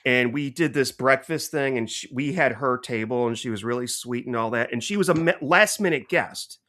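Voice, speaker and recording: A middle-aged man co-hosting a podcast, telling stories in an animated way and laughing often. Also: medium pitch, moderate pace. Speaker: podcast co-host. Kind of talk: casual podcast chat.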